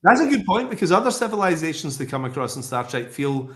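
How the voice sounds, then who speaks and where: Scottish man, high voice, chatty and jokey guest. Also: big pitch swings, fast talker, a bit bright. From Scotland. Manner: chatty, self-mocking storyteller. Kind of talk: casual podcast chat.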